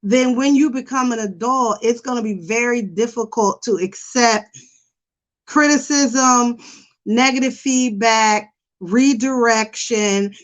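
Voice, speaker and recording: A middle-aged woman hosting a psychology podcast, talking in a chatty, animated way with lots of fillers. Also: on the high side, slow pace. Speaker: podcast host, psychology professional. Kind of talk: casual chat.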